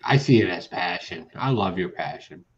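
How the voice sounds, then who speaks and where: A man's voice: deep voice, animated, moderate pace. A man on a casual livestream panel, teasing the host in an easygoing way. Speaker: panel guest. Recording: lo-fi with loud crowd noise.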